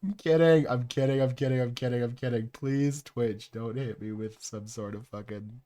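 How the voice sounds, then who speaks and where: A man of mid-range pitch chats loosely on a live stream. He drifts into quiet, mumbled asides while he works, then jumps into loud, joking outbursts. His tone stays playful and rambling throughout. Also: flat delivery, moderate pace. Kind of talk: casual live-stream chat.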